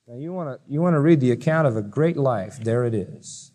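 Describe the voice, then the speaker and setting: A male preacher giving a sermon, telling Bible stories in an animated way and acting out the voices of the people in them. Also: medium pitch, brisk, few pauses. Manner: animated storytelling, acts out voices. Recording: long reverb of a large hall.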